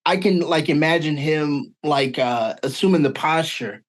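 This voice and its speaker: A man's voice: a little high, a little slow. A voice actor guest, a man, answering earnestly and searching for his words in a casual chat.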